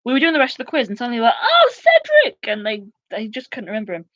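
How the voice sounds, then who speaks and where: A woman's voice: fairly high pitch, highs cut off. Chatty woman hosting a quiz. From United Kingdom. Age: 20s. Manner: chatty and excitable, quick asides and laughs. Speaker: quiz host. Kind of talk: casual live quiz hosting.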